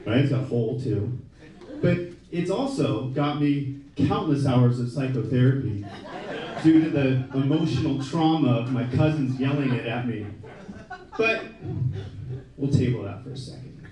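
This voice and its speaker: A man's voice: medium pitch, darkish tone. A man doing a wry, self-deprecating stand-up routine on a comedy club stage, often tossing in "right?" as the audience laughs. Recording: echoey room, mic from a distance.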